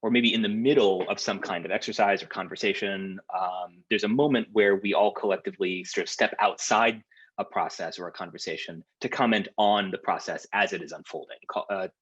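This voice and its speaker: Guy teaching over zoom, low husky voice, lots of ums and restarts, kinda lo-fi sound. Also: steady tone, brisk, fairly bright tone. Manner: hesitant, lots of fillers and restarts. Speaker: workshop leader. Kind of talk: teaching seminar on a video call. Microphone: video call. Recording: lo-fi video call audio.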